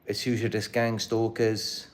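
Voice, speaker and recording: A man with a lowish voice speaks straight to his viewers in a loose live-stream monologue. He sounds earnest and aggrieved and circles back over the same points. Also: completely flat delivery, normal speed. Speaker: channel host.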